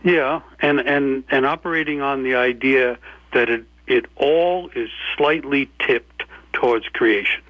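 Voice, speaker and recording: A man from New York, speaking as a guest in a reflective, measured way. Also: mid-range voice, dry recording, dull audio. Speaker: guest author. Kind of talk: reflective interview talk.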